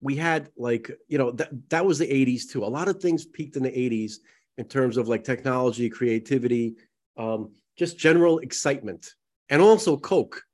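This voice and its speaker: A man's voice: mid-range voice, moderate pace, darkish tone. A man co-hosting a casual podcast chat, rambling and emphatic, with a slight lisp, talking to the listeners as folks. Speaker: podcast co-host.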